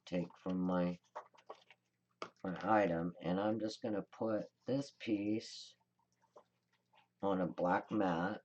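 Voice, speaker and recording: A woman's voice: a bass voice, fairly even intonation, slow, long pauses, a little mellow, lo-fi sound. A woman hosting a card-making tutorial, chatting casually and thinking aloud as she works. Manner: chatty, rambling, thinks aloud while working. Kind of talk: casual crafting demonstration.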